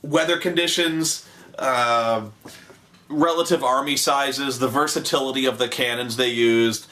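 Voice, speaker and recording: A man's voice: mid-range voice, steady tone, unhurried, pushed and bright. A man giving a comedic review of a television show, sarcastic and profane, retelling scenes with mock voices.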